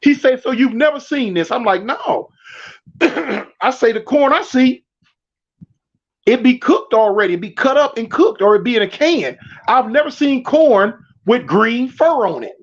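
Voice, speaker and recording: A man's voice: very high-pitched, unhurried. A man with a Californian accent, casually telling funny stories and acting out the voices of the people in them. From Southern California. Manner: animated, laughing, acts out quoted voices. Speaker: storyteller guest. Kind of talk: casual storytelling. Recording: dull lo-fi stream audio.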